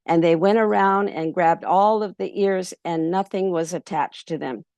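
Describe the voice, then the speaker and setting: A woman storyteller recounts a folk tale to a workshop audience in a loose, conversational way. Her voice has a gravelly fry, and the recording is close and dry. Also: lowish voice, normal speed, no room sound. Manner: relaxed, many ums and restarts. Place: festival workshop.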